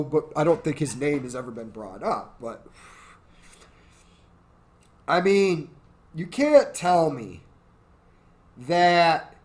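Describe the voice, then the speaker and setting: A tipsy man ranting in a crude, rambling, profane way as host of his own show. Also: on the high side. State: drunk. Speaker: podcast host. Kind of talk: drunken political rant.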